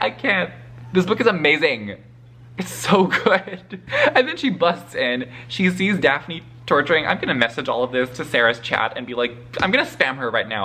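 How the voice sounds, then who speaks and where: A man's voice: fairly high pitch, pushed and bright. A man chatting casually in a vlog about a book he is reading, swearing freely and laughing often. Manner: profane, gushing and laughing often. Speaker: book vlogger. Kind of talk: casual spoiler vlog talk.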